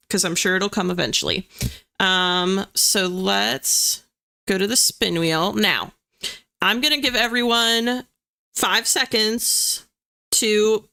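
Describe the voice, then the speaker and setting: A young woman hosting a casual livestream from her desk, reading the chat aloud and chatting excitably. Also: mid-range voice. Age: young adult. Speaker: livestream host. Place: home desk with a chair.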